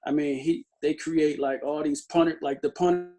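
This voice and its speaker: Man telling loose stories, fairly high voice. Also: steady tone, brisk, warm tone, soft background music. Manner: loose storytelling, many fillers and restarts. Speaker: interview guest. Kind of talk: casual interview chat.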